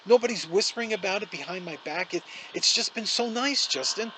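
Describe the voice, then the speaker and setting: A man's voice: high-pitched, animated, a little fast, very noisy, voice pushed up. A man reading aloud and voicing a teenage girl who is upset, pleading and close to sobbing. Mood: tearful. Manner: upset, pleading, breaking into sobs. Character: teenage girl, tearful and defensive.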